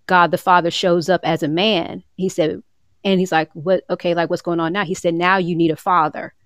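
Woman, low voice, earnest preachy co-host, dry close sound. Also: dry recording. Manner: earnest, preachy, quotes scripture in old wording. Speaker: podcast co-host. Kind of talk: casual faith talk, teaching on forgiveness. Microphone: remote call, moving around.

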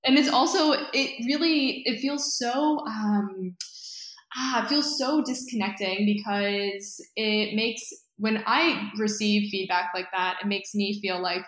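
A woman's voice: medium pitch, slow pace, a bit bright. A woman chatting casually, agreeing emphatically and talking with enthusiasm. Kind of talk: casual conversation. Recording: echoey room.

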